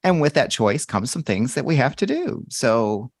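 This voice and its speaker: A man's voice: medium pitch, sing-song, moderate pace, no room sound, studio quality. A man hosting a podcast, asking reflective coaching questions in a probing, thoughtful way. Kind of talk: coaching conversational interview.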